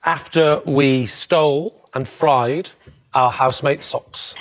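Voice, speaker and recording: A man who is a panel show team captain, telling a comic anecdote with deadpan wisecracks. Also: medium pitch, takes it slowly, background noise.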